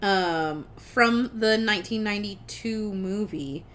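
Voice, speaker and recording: A woman's voice: medium pitch, slow. Chatty young woman recapping a movie. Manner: rambling, swearing, quoting characters in voices. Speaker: podcast co-host.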